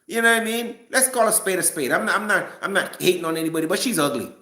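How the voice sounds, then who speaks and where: A man's voice: high voice, fast, sharp tone, echoey room. A man giving a casual, rambling opinion rant to a live chat, stumbling and restarting often. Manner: rambling, frequent restarts and stammers. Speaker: live-stream commentator.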